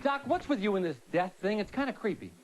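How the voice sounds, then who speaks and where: Smarmy giggling TV host, played by a man, very high and bouncy voice, loud studio crowd behind. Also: sing-song, fast talker, background noise. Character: smarmy giggling male talk show host. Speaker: talk show host. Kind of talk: satirical talk show comedy. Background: loud studio audience.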